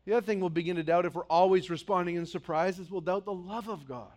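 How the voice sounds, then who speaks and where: High-voiced man preaching with dramatic swings. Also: fast talker. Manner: dramatic, acts out voices, swings from loud to quiet. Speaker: pastor. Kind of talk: sermon.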